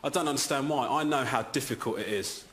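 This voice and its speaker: A man's voice: medium pitch, quick pace. A man performing a stand-up comedy routine on a theatre stage, telling stories and acting out voices with exasperated outbursts. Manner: animated storytelling, acting out voices, rising to exasperated shouts. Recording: echoey theatre with loud noise.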